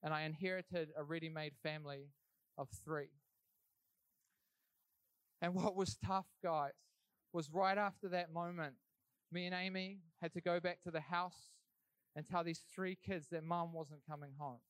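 A man's voice: on the high side, fairly even intonation, a little slow, pauses often, a bit bright, smooth, no room sound. A young man telling his life story in an earnest, conversational way, as a church speaker giving testimony. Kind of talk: sermon testimony.

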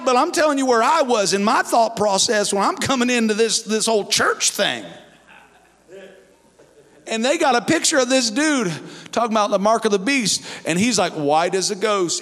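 High-voiced preacher in a reverberant hall. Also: male voice. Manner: animated, acts out people in his story, breaks into shouts. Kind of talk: storytelling sermon.

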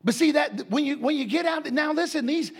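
A man preaching a sermon as a folksy, animated story, laughing often and bursting into loud shouts of praise. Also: very high-pitched, fairly quick.

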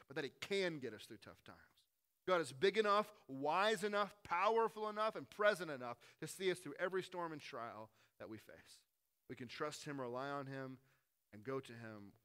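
Male pastor, high bright voice, casual sermon that swings between quick loud asides and quiet slow stretches. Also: clear, resonant tone.

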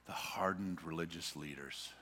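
A man preaching a sermon as a pastor, swinging from loud urging to hushed whispers and repeating words as he builds. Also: deep voice, normal speed, husky, long reverb tail.

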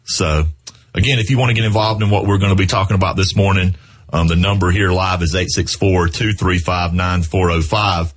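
A man's voice: low voice, steady tone, fairly quick, husky. A man from South Carolina with a Southern US accent, hosting a radio show in a folksy, chatty way. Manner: folksy, chatty, laughs easily. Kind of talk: casual radio chat.

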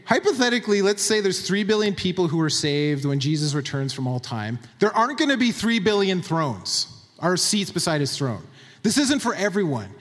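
A man preaching a sermon, reading scripture aloud and commenting on it with emphasis, sometimes dropping to a quiet, low voice. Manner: drops to a quiet, low voice for tender points. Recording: long hall reverb.

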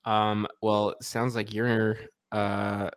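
A man's voice: lowish voice, monotone, slow pace, no echo. A young man co-hosting a podcast, casual and teasing, often breaking into laughter. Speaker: podcast co-host. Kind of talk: casual chat.

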